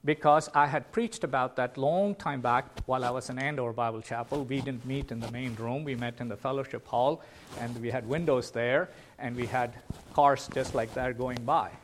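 A man preaching a sermon, earnest, with sudden loud emphatic calls. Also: mid-range voice, moderate pace, slight background noise.

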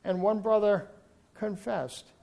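A male preacher with a notably high voice delivers a sermon. He tells his story earnestly and builds to fervent, emphatic appeals. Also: takes it slowly, vocal fry, mellow.

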